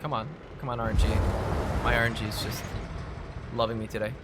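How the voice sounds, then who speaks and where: A man's voice: on the low side, little pitch movement, a little fast, very noisy. A man hosting a casual gaming chat, agreeable and muttering to himself as he plays. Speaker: gaming video host.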